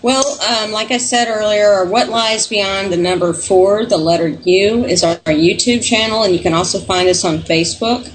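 A woman guest and paranormal investigator talking in a relaxed, explanatory way. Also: medium pitch, normal speed, few pauses, slight background noise, low-quality recording. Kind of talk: casual chat.

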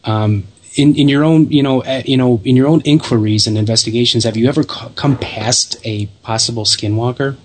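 A man's voice: medium pitch, brisk, few pauses. A man interviewing a guest, asking long, rambling, inquisitive questions in a casual manner.

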